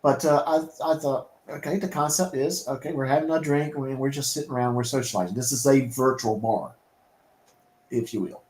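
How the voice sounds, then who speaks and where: A man's voice: mid-range voice, moderate pace, darkish tone, roomy sound, poor audio. A man hosting a casual talk show, speaking in an easygoing, rambling way with many fillers. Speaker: podcast host. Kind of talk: casual chat.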